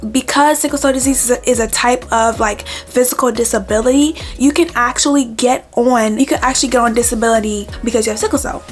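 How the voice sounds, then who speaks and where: High-voiced woman telling a storytime vlog. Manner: animated, retells arguments with quoted back-and-forth. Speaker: vlogger.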